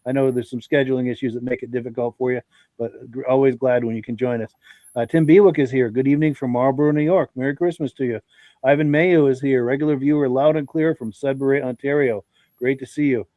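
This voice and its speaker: A man with a stuffy, congested voice hosts a live podcast, reading out viewer comments and greeting each person by name in a friendly, folksy way. His pitch sits in an ordinary middle range. The sound is dry and close, with almost no room echo. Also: steady tone, fast talker, dark tone. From Vermont. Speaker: podcast host.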